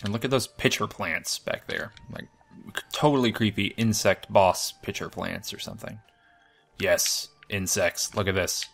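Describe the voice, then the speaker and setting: With faint music in the background, a man with a lowish voice and vocal fry talks at normal speed through his game playthrough. Excitable and self-deprecating, he reasons aloud and merrily mocks his own moves.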